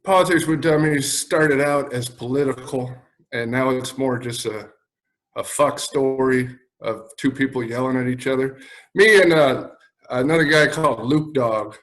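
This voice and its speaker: A man's voice: mid-range voice, moderate pace, fairly bright tone, rough recording. A man with a Chicago accent, a guest on a podcast, talking bluntly and swearing freely in casual chat. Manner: blunt, profane.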